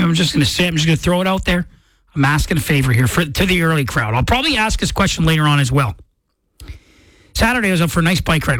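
A male morning-show host rambles in a self-deprecating way, restarting his sentences as he goes. His pitch moves a lot, and the studio mic gives a close, dry sound. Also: a bit bright, dry recording. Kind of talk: casual radio chat. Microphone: studio microphone.

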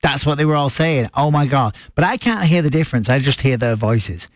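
A man's voice: mid-range voice, brisk, dry recording, clean studio sound. A man, telling a chatty story to his viewers. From north of England. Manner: chatty, anecdotal, animated when quoting people. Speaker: vlogger. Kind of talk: casual chat to camera.

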